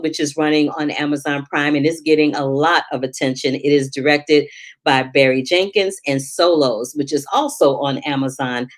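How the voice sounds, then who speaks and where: A middle-aged woman hosting a movie review show, chatty and animated, with quick asides and laughter. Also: sits low. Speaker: film critic and show host. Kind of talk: casual movie review vlog.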